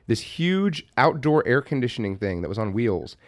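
A man co-hosting a podcast, telling profane anecdotes in an animated, casual way. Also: medium pitch, moderate pace, dry recording, clean studio sound. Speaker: podcast co-host.

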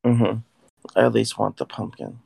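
A man's voice: fairly low pitch, expressive, moderate pace, gravelly, a little mellow, husky, dry recording. A man co-hosting a podcast in casual chat, giving short, easygoing replies and chuckling often. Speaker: podcast co-host.

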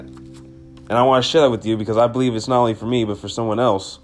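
A man's voice: fairly low pitch, fairly even intonation, fairly quick, faint music behind. A man hosting a devotional podcast episode, speaking earnestly and with emotion, repeating key phrases for emphasis. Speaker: podcast host.

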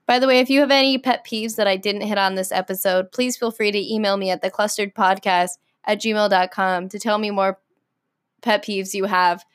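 A young woman hosting a solo podcast, ranting in an exasperated, animated way with many fillers. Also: medium pitch, normal speed. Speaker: podcast host.

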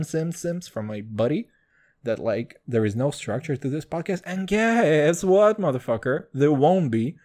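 A man hosting a solo podcast, rambling in a profane, jokey, self-mocking way and swinging between loud and quiet. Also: fairly high pitch. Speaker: podcast host.

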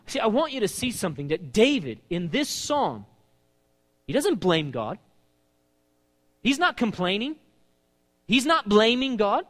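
A man preaching a sermon, reading scripture aloud with passion and slowing down for emphasis. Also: big pitch swings, a bit bright. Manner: impassioned, reads scripture aloud with rising pitch and slowed emphasis. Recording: hall reverb.

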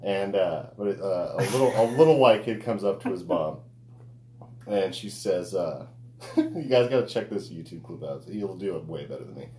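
A man co-hosts a casual podcast in a loose, profane way, laughing as he tells stories. His voice sits on the low side and swings widely in pitch. The room gives it a noticeable echo. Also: animated, moderate pace, darkish tone, a little hiss or hum. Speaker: podcast co-host.

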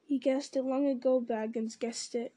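A woman's voice: high-pitched, steady tone, normal speed, mellow. Woman putting on a sly, hungry creature. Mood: sing-song sly. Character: wretched creeping male creature, sly and hungry.

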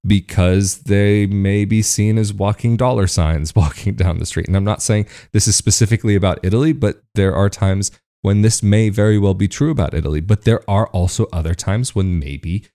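A man's voice: fairly low pitch, normal speed, few pauses, warm tone. A man from the United States talking casually to camera as a video host, chatty and often laughing between points.

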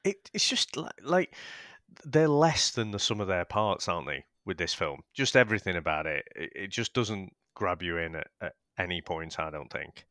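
A laid-back man with a fairly low voice, chatting about a film in an easygoing way. He chuckles often and hedges with "you know", and the recording is dry and close. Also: expressive, normal speed, fairly bright tone, dry recording. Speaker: film review podcast co-host. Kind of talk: casual chat.

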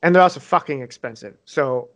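A man's voice: medium pitch, brisk, a bit bright. A young man co-hosting a casual podcast, joking, teasing and swearing as he gives updates. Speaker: podcast co-host. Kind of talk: casual banter.

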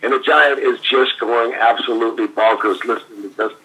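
A man's voice: mid-range voice, steady tone, fairly quick, sharp tone, slight background noise, low-quality recording. An older man, a former pro wrestler, animatedly telling anecdotes in a casual interview with laughs and fillers.

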